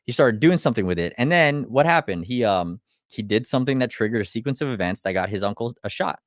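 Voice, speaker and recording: A man's voice: mid-range voice, expressive, fast, dry recording, studio quality. A man giving a live motivational talk, blunt and full of swearing, firing off rhetorical questions and stumbling over restarts when he gets fired up. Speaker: motivational speaker.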